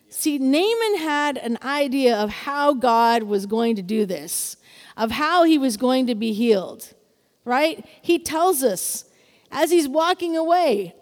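Female preacher, high voice, lively sermon delivery, hall reverb. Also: takes it slowly. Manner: expressive, calls for congregation responses. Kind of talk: sermon with scripture reading.

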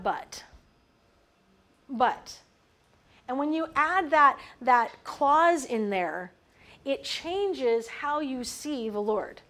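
High-voiced woman teaching scripture. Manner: animated, asks the group questions. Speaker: Bible teacher. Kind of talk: teaching a Bible study.

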